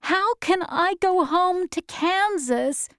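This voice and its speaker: A woman voicing an earnest young girl far from home in a slowly read storybook. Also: high-pitched, animated, no room sound, clean studio sound, pitched above the performer's own voice.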